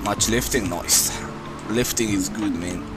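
A man's voice: lowish voice, a little slow. A young man from Romania, a streamer chatting casually with his viewers, rambling with many fillers, music playing behind him.

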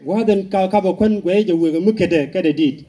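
A woman interpreting a sermon live, quickly repeating each phrase after the preacher. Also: mid-range voice, mellow, husky, recorded from a distance.

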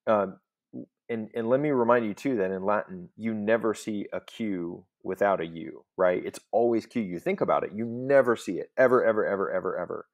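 A man's voice: lowish voice, brisk. A man teaching a recorded Latin lesson, explaining step by step in a patient voice and often checking in with "okay?".

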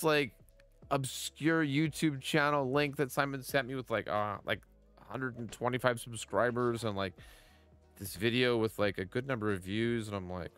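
A man's voice: lowish voice, fairly bright tone. A man in his thirties giving playful, chatty commentary while streaming a mobile golf game and greeting viewers by name.

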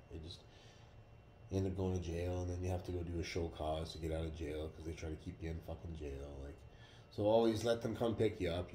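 A man telling a story in a casual, profane, animated way. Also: sits low, slight background noise. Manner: profane, animated retelling with acted quotes. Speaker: vlogger. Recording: roomy echo.

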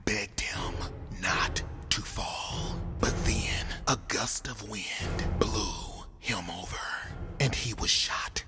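A woman giving whispered narration of an animated story in a hushed, breathy way, over background music. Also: a bass voice, slow. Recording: music playing behind.

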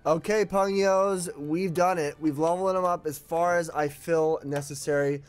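A man commentating on his gameplay at home, with his children beside him, often bursting into joyful shouts. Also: on the high side, steady tone, moderate pace, smooth. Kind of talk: casual let's-play commentary.

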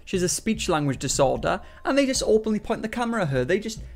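A man's voice: high-pitched, sing-song, fast, gravelly. A man hosting a reaction commentary, sarcastic and ranting, breaking into laughter often. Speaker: commentary host.

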